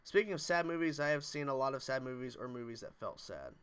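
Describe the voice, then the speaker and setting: A man's voice: mid-range voice, expressive, quick pace, fairly bright tone, clear, resonant tone. A young man hosting a livestream, chatting casually and reading viewer comments aloud in a jokey way. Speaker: livestream host.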